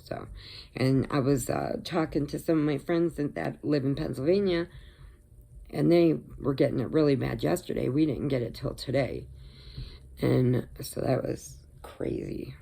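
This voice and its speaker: A woman's voice: very deep voice, measured pace, vocal fry, mellow, breathy edge. An older woman from Illinois, chatting casually and rambling on her crochet vlog, laughing often. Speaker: crochet vlogger. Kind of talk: casual chat.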